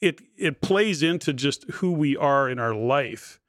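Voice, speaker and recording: A man in his sixties hosts a podcast conversation. He rambles warmly through stories, leaning on "you know" and "like", with an ordinary mid-range pitch. The sound is dry and close. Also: a little slow, no echo. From Canada. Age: 60s. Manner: animated storyteller, many fillers like "you know". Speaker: podcast host. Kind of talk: casual interview chat.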